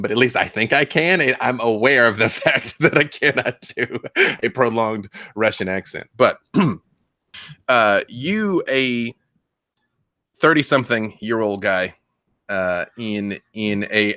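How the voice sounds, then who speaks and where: A man with a somewhat low voice running a tabletop game as game master. He talks casually and rambles with plenty of fillers. The sound is dry and close. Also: pushed and bright, no echo.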